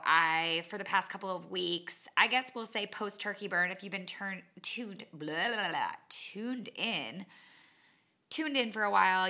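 A woman hosting a podcast, telling a story in a chatty, animated way with dramatic asides and self-mocking humor. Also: medium pitch. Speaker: podcast host and cycling instructor. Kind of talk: casual monologue storytelling.

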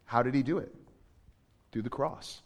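A male pastor giving a sermon, moving between hushed, quiet passages and loud, emphatic preaching. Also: medium pitch, moderate pace, in a large hall. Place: church.

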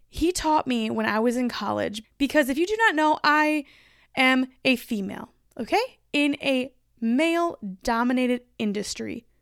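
A woman's voice: high-pitched, no room sound, clean studio sound. A woman hosting her own podcast in a chatty, emphatic solo monologue, laughing easily as she talks. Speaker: podcast host.

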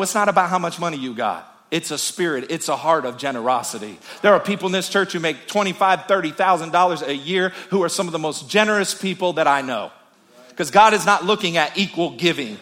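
Male pastor, sermon, emphatic and repetitive, slightly high, bright. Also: normal speed. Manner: energetic, emphatic preaching with repetition.

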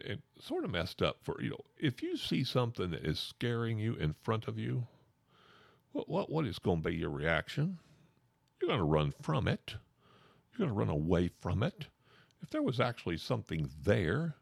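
A man, telling a folksy ghost story in an animated way, repeating words and acting out the shouts. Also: low voice, vocal fry, slightly rough, no echo. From Oklahoma.

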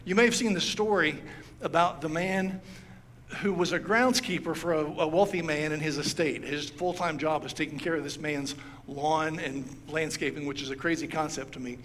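A man's voice: fairly high pitch, steady tone, normal speed, a bit bright, slight background noise. A man preaching a sermon as pastor, telling a story and acting out its quoted lines. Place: church sanctuary. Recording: long hall reverb, faint ambience.

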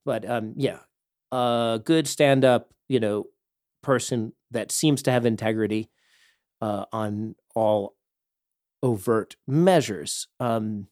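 A man's voice: lowish voice, slow pace, darkish tone, no room sound, clean studio sound. A man telling a personal story as a podcast host, rambling with many fillers and growing heated and intense. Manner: heavy fillers and restarts.

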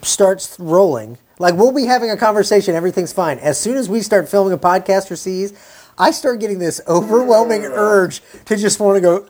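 A man's voice: sits high, animated, a little fast, darkish tone. A man in casual podcast chat, telling stories with frequent giggles. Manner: giggly storyteller.

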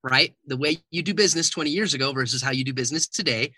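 A man's voice: medium pitch, quick pace. A man, a guest author and speaker, telling stories in an interview and acting out the dialogue. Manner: animated storyteller who acts out quoted dialogue. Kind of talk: conversational interview storytelling.

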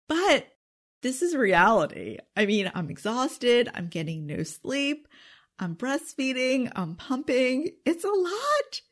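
A woman's voice: medium pitch, fairly bright tone. A middle-aged woman hosting a podcast in a casual, emphatic way, often asking "okay?" and laughing. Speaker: podcast host. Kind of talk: casual solo podcast talk.

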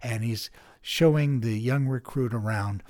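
A middle-aged man hosting a meditation podcast, telling a story in a measured, thoughtful way. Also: medium pitch, a little mellow. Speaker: podcast host. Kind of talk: reflective spoken meditation.

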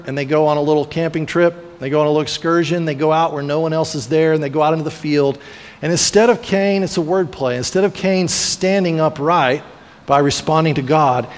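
Male pastor, sermon, storytelling delivery, slightly high voice, long hall reverb. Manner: storytelling, acts out voices of biblical figures.

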